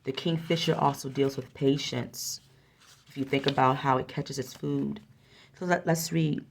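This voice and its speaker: A woman's voice: rumbling low, steady tone, moderate pace, creaky, husky. A woman giving an oracle card reading, speaking earnestly and encouragingly and often repeating her phrases. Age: adult with a young son.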